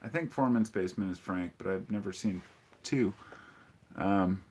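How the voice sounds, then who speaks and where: A man's voice: deep voice, normal speed, a little mellow, slightly rough. A man hosting a casual live-stream podcast, rambling and opinionated as he greets viewers and answers their chat messages. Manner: opinionated, frequent ums and restarts.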